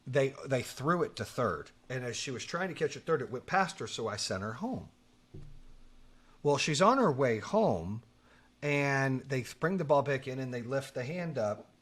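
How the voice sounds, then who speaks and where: Animated, profane man telling a story. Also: mid-range voice. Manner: animated, profane, acts out quoted lines. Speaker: podcast host. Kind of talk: casual storytelling.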